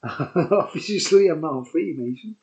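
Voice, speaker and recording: A man's voice: fairly high pitch, lively intonation, a little slow, vocal fry, darkish tone. Tipsy rambling man, lo-fi. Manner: rambling, chuckling, conspiratorial asides. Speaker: beer reviewer. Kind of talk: casual beer review vlog.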